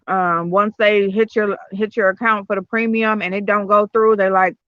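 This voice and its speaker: Chatting with viewers from indoors at home, this livestream host spins loose, profane stories packed with fillers. She speaks at a moderate pace in a medium, somewhat bright voice with fairly even intonation and hardly any pauses. There's no room sound, though the stream audio from her computer or phone software is slightly dull and lo-fi.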